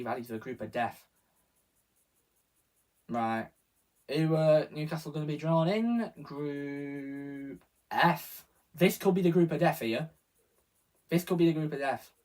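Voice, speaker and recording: A man giving rambling live reaction commentary as a football fan streamer, often correcting himself. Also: a little high. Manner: rambling, self-correcting, partisan fan talk.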